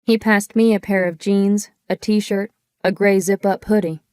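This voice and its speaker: A woman reading a first-person audiobook in a measured, descriptive storytelling manner, recorded on a close studio microphone. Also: medium pitch, steady tone, a little mellow, clear, resonant tone, no room sound. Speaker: audiobook narrator.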